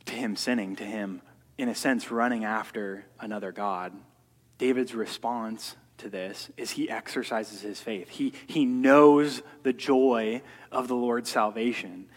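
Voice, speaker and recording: A man preaching a sermon earnestly, often repeating words as he works through his points. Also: medium pitch. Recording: long hall reverb.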